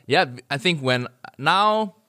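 A man in his thirties, a comedian guest chatting casually on a podcast, laughing often and jumping to high voices when he quotes people. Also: animated, takes it slowly, pushed and bright.

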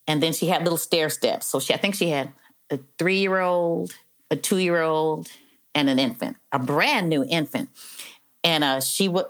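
A middle-aged woman, a probation officer, telling stories in an interview in an earnest, heartfelt way with many "you know" fillers. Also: sits low. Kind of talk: conversational storytelling interview.

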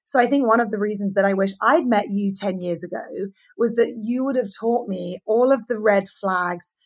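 A woman hosts a casual podcast conversation, her voice husky and a little breathy. She talks candidly and with energy. Her pitch sits in an ordinary middle range. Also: normal speed. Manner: candid and animated, sharing personal stories. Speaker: podcast host.

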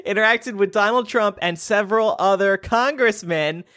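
A man's voice: high voice, normal speed, sharp tone, no echo, studio quality. A man co-hosting a comedy podcast, laid-back and laughing often, with wry asides. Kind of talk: casual comedy chat.

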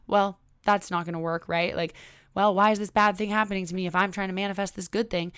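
A woman's voice: lowish voice, no room sound, clean studio sound. A young woman hosting her own podcast, talking casually and rambling with lots of "like"s, laughing at her own slips. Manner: chatty, rambling, many "like"s, laughs at herself. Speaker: podcast host. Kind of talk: casual solo podcast talk.

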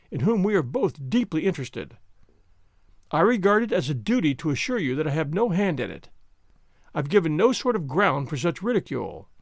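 A man's voice: on the high side, no room sound, clean studio sound. A man voicing a fussy, anxious middle-aged schoolmaster who talks in a prim, mournful way.

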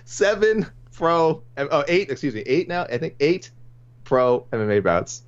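A man's voice: fairly high pitch, sing-song, measured pace, clean tone. A man co-hosting a casual sports podcast, reading listener picks aloud with frequent chuckles and restarts. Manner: chatty, chuckling, many restarts. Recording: dull lo-fi audio.

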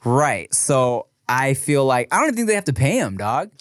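A man's voice: medium pitch, very animated, normal speed, no room sound. A man co-hosting a casual podcast chat, playful and laughing often, breaking into sing-song rhymes. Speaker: podcast co-host.

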